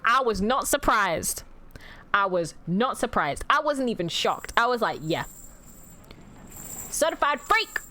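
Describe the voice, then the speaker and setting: A woman's voice: a little high, expressive, a little slow, sharp tone. A woman streamer chatting casually with her viewers, teasing them in theatrical mock-villain banter and swearing freely. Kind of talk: casual livestream chat with viewers.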